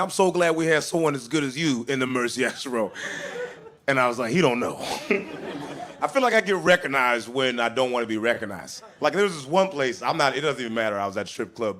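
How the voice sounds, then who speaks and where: A stand-up comedian with a fairly high voice works the room, telling a story and acting out everyone in it. He performs live on stage, with clear audience noise around him. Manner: animated, acting out characters in the story. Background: audience laughter and ambience.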